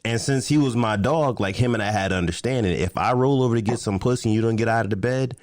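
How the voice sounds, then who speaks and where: A man's voice: medium pitch, fast talker, dry recording, studio quality. A man co-hosting a casual chat, telling stories with lots of laughter. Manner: animated storytelling, laughs often. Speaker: podcast co-host.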